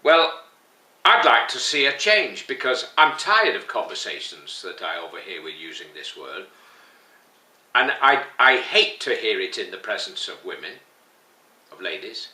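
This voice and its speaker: A man speaking slowly and haltingly in an earnest, gently humorous tone as he gives his opinion to the camera. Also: on the low side, very animated, distant mic. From England. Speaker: vlogger. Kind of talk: spoken opinion piece. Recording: echoey room, voice from off-mic.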